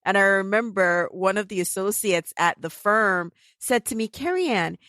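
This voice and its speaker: A woman's voice: medium pitch, lively intonation, normal speed, fairly bright tone, clear, resonant tone, dry recording. A woman with a Caribbean accent who hosts a casual podcast and chats easily, trading her own stories with a guest. Her voice sits in a middle range and sounds dry and close, with no room sound. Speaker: podcast host.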